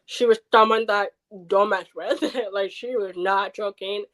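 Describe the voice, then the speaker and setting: A woman's voice: mid-range voice, a little slow, poor audio. A woman guest who is hard of hearing, telling a personal story in a podcast interview and acting out what others said. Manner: animated, acts out quoted people.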